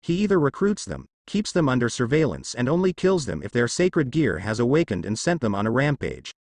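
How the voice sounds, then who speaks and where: A man reading a fanfic aloud, voicing a calm, menacing young male demon ninja who talks dryly and pleasantly. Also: medium pitch, a little fast, no echo. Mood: cool. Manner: dry, pleasant, quietly threatening.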